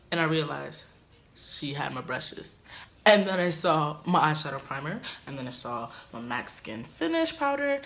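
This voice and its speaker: A young woman vlogger telling a casual story in a dorm room, animated, swinging from loud outbursts to muttered asides. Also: fairly low pitch.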